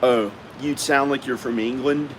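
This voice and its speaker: Man, casual vlog, rambling and repetitive, average pitch, loud background hum. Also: steady tone, normal speed. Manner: rambling, repeats himself, talks to the viewer. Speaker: vlogger. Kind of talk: casual rambling monologue to camera. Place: at home indoors.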